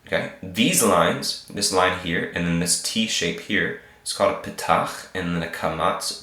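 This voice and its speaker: A man with a very low voice walks learners through a reading lesson at his computer. He goes slowly and patiently, repeating every sound. The room adds a noticeable echo. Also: bright, forceful tone. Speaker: Hebrew teacher. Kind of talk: screen-share reading lesson. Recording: roomy echo.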